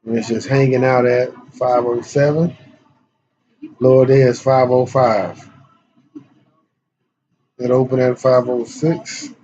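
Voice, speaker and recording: On a vlog, a day trader and channel host talks casually through his trades in a mid-range, level, mellow voice, going slowly with frequent pauses. He uses slang, repeats and restarts words, and mentions he's losing his voice. The lo-fi recording sounds dull.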